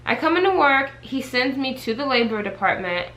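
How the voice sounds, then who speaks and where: A woman vlogger chatting to her viewers in a casual storytime, animated and talkative as she addresses them directly. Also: high voice, fairly quick, poor audio. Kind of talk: casual storytime chat to camera.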